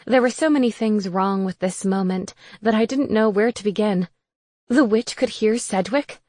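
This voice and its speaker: Woman audiobook narrator, wry and even, close dry studio mic. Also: medium pitch, normal speed, dry recording. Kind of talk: first-person audiobook narration.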